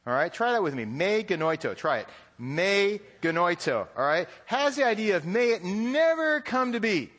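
A man's voice: fairly high pitch, fairly bright tone. A man preaching a sermon in a conversational, joking way, often checking in with his listeners. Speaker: pastor.

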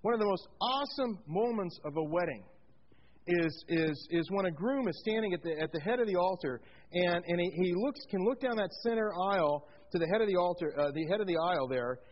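High-voiced animated male preacher. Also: a little fast, dull audio, slight background noise. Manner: animated, asks the congregation questions, tells jokes. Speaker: pastor. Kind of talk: sermon.

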